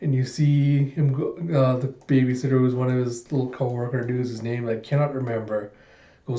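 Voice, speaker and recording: Brief: mellow-voiced guy recapping a comic, dull lo-fi echoey audio. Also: medium pitch, moderate pace. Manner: animated retelling, many "he's like". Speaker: manga reviewer. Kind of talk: casual chapter recap.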